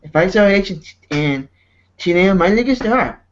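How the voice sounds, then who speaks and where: A man's voice: sits high, lively intonation, fast talker, dull audio, a little hiss or hum. A man hosting a casual chat show, ranting with heavy profanity and repeated words. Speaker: show host.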